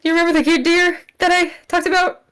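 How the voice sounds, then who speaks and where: A woman narrating as game master of a tabletop role-playing game, often breaking into giggles and quick asides. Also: extremely high pitch, level tone, fairly bright tone.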